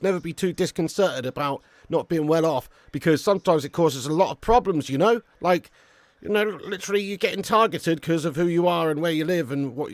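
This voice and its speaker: A young man hosting a live football watch-along, chatting casually with his viewers, reading out their comments, swearing freely and shouting with excitement when a chance comes. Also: fairly high pitch, no echo.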